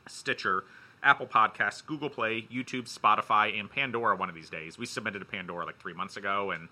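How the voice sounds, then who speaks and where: A man's voice: on the low side, brisk, pushed and bright. A man hosting a casual podcast from Ohio, joking and self-mocking as he wraps up the episode. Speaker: podcast host.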